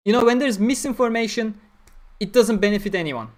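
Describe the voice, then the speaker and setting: A man's voice: sits high, animated, a little fast. A man chatting casually on a livestream, reading and answering chat with blunt, opinionated talk. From Turkey. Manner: opinionated, blunt, talks through ideas with fillers.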